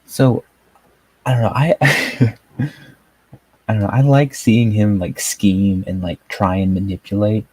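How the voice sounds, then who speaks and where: A man's voice: lowish voice, fairly even intonation, measured pace, pauses often, a little mellow, husky, no room sound, rough recording. A man chatting casually as he reviews a TV episode, rambling with lots of fillers and frequent chuckles. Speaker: TV show reviewer. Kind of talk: casual video review chat.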